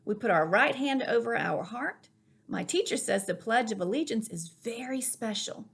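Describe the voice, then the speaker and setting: A woman reading a storybook aloud, voicing an eager young girl with a bright, lively delivery. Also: a little high, normal speed, gravelly, husky, exaggerated voice.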